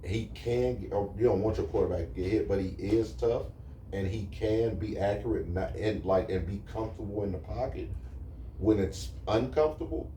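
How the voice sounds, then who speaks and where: Mellow low man hosting in an echoey room. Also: normal speed. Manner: relaxed, hands off to co-hosts. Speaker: podcast host. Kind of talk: casual chat, leading topics. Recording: echoey room, distant mic, faint hiss.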